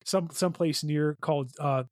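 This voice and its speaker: A man's voice: fairly high pitch, fairly even intonation, unhurried, darkish tone, no echo, studio quality. A man co-hosting a podcast in casual chat, rambling with lots of fillers. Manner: rambling, heavy "like" and "you know" fillers. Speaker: podcast co-host.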